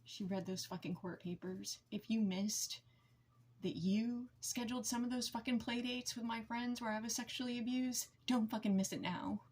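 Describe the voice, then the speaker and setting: A woman in her forties venting to camera in a raw, blunt, heavily profane way, with halting, emotional phrasing. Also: on the high side, steady tone, darkish tone, breathy edge. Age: 40s. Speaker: vlogger.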